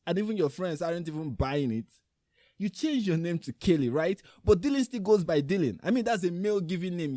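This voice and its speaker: A Nigerian man with a Nigerian accent delivers reaction commentary in a mocking, sarcastic tone. His voice is fairly high but dark and mellow. The recording is dry and close, with no room around it. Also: dry recording. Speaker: reaction video host. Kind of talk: commentary on video clips.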